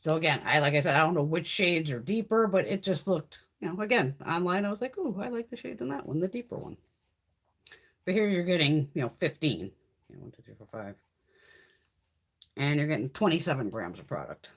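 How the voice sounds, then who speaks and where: On a casual live stream, a woman in her fifties who works as a beauty vlogger goes through a makeup haul, laughing a lot and swearing freely. She speaks a little fast, in a low-pitched voice with lively intonation.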